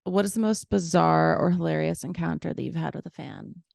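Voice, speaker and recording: A woman hosting a podcast, chipping in with short reactions and putting questions to her guest. Her low voice has a strong vocal fry running through it, and the recording is dry and close with no room sound. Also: brisk, no echo. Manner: brief warm reactions and interview questions. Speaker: podcast host. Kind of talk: casual chat.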